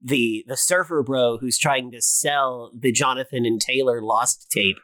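A man who wrote the audio drama, chatting casually with the cast in an excited, rambling way, often restarting sentences and laughing. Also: medium pitch, measured pace, no echo.

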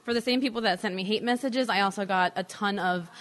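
A woman chef talks as a guest on a casual podcast recorded in a restaurant. She speaks at a medium pitch and is blunt and candid, swearing freely without much of a filter. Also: quick pace, fairly bright tone. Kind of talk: casual interview chat.

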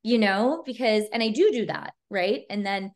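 A woman's voice: mid-range voice, expressive, moderate pace. A woman photographer as a podcast guest, casually telling stories in a chatty way, full of "like" and "you know" and acting out what people said. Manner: chatty, filler-heavy, retells scenes with quoted dialogue. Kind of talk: casual storytelling chat.

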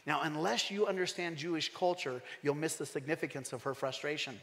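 Male pastor, slightly high voice, emphatic sermon, church hall with long reverb. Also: brisk. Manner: animated, emphatic, asks the congregation questions.

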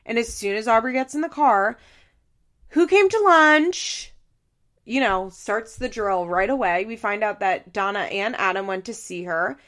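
A woman co-hosting a casual podcast recap, ranting and swearing in exasperation, sometimes mocking people in exaggerated high voices. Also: normal speed, hardly any pauses, fairly bright tone. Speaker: podcast co-host.

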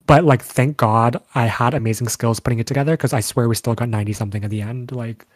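Young man, chatty storyteller, mid pitch, dry recording. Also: quick pace, no room sound. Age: young adult. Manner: animated storytelling, frequent fillers. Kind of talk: casual chat.

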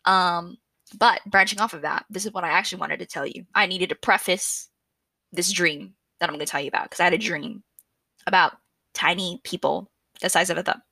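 A young woman hosting her own podcast alone, chatting loudly and excitably and often poking fun at herself. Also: on the low side, brisk, gravelly, no echo. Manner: chatty, loud and excitable, self-mocking. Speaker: podcast host. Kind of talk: casual solo podcast chat. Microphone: podcast microphone.

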